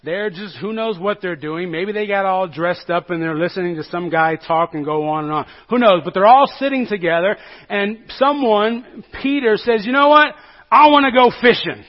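A male pastor with a fairly high voice delivers a relaxed, joking sermon in a church, tossing questions out to his congregation. The recording sounds dull and lo-fi. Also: normal speed.

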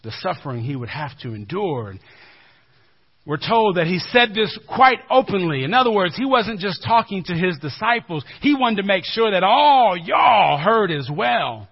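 Man, pastor, sermon, conversational, hushed low emphasis, higher-pitched voice, dull lo-fi recording. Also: very animated, moderate pace, creaky, husky.

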